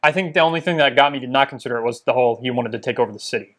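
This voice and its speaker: A man's voice: mid-range voice, rapid-fire, fairly bright tone. A young man co-hosting a casual chat in a laid-back, teasing way. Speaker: co-host.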